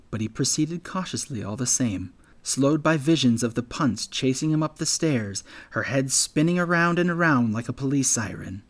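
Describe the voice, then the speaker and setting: Male audiobook narrator, measured delivery. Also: medium pitch. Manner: measured storytelling, voicing all characters. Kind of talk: scripted narration.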